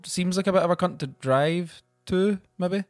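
A man's voice: high voice, normal speed. A man with a Scottish accent, co-hosting a podcast in chatty, sweary banter. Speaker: podcast co-host, band member. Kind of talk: casual chat.

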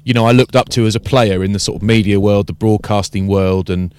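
A man hosting a casual podcast chat, telling an animated story and acting out the exchanges. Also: lowish voice, fairly quick, clear, resonant tone. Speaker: podcast host and rugby commentator.

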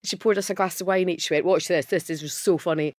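A woman's voice: lowish voice, fairly even intonation, fast, darkish tone, no room sound, studio quality. A woman, a podcast guest telling stories and swearing freely in casual chat. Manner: storytelling, swears and laughs freely.

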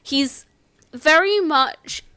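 A woman acting as game master, calmly explaining the characters and rules of a tabletop game with some restarts. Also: high voice, extremely slow, no echo.

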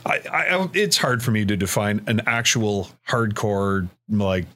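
A man's voice: fairly low pitch, animated, measured pace, sharp tone. A middle-aged Canadian man with a Canadian accent, a radio host chatting easily as a podcast guest, telling stories with plenty of fillers. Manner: easygoing, storytelling, filler-heavy. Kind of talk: casual podcast chat.

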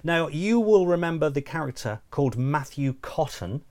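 A man's voice: on the high side, expressive, normal speed, a little mellow. A man co-hosting a podcast, speaking with dry, mock-formal politeness. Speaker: podcast co-host. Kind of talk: casual trivia chat.

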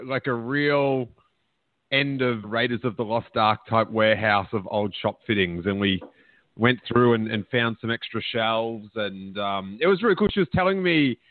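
A man's voice: medium pitch, dry recording. A man hosting a podcast, chatting casually and telling joking anecdotes. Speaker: podcast host. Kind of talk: casual chat. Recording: phone-like lo-fi line, dry.

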